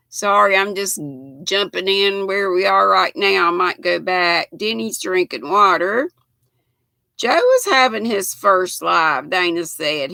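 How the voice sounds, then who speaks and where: Slow, gravelly older Southern woman. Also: medium pitch, bright, forceful tone, no room sound. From United States. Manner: chatty, reading viewer comments aloud. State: hoarse. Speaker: host. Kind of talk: live-stream chat.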